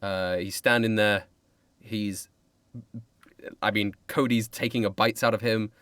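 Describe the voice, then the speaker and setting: A man's voice: fairly low pitch, fairly even intonation, unhurried, fairly bright tone, clean tone, no room sound. A man running a tabletop game as dungeon master, narrating playfully and laughing often.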